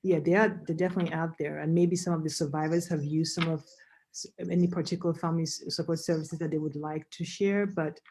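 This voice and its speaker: Woman, doctor, video call panel, low pitch, dark mellow tone, explanatory, lots of fillers. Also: steady tone, poor audio. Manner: measured, explanatory, with frequent fillers. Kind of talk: panel discussion answer.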